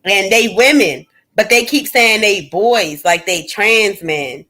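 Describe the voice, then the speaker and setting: A woman, hosting a livestream and ranting bluntly and profanely to her chat, swinging between loud and low. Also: takes it slowly. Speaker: livestream host. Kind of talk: casual livestream rant.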